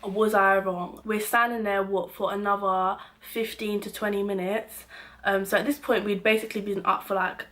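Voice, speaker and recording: A woman's voice: medium pitch, normal speed. Slangy British woman telling a story. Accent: British English. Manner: animated, slangy retelling that acts out quoted shouts. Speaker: vlogger. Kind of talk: storytime vlog.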